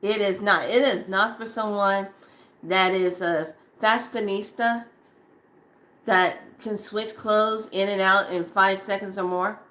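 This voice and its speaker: A female spiritual speaker addresses her viewers directly in a casual monologue, her voice bright, clear and mid-pitched. She's animated, speaks slowly, and acts out snippets of how she reacted in the past.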